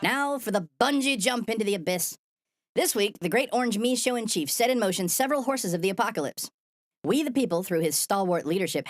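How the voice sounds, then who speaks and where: A woman rattles off satirical news commentary at a quick clip, sardonic and casually profane. Her delivery stays deadpan and dry, and the recording is close and dead, with no room sound. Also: mid-range voice, dry recording. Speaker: host.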